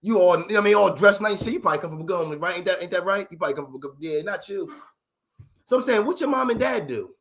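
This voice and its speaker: A man's voice: high-pitched, animated, racing, fairly bright tone. A man voicing a nosy streetwise father who bluntly questions his daughter's date and swears through it. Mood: probing. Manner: blunt, suspicious, profane questioning.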